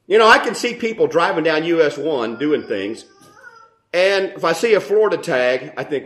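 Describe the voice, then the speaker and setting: A man preaching a sermon as pastor, animated and full of rhetorical questions. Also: on the high side, normal speed.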